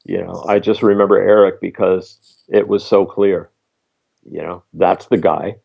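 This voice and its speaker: A man in his fifties, a former roadie and bass player, telling relaxed stories as an interview guest. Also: unhurried, creaky, husky, muffled recording. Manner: relaxed anecdotal telling, laughs between stories. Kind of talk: casual interview storytelling.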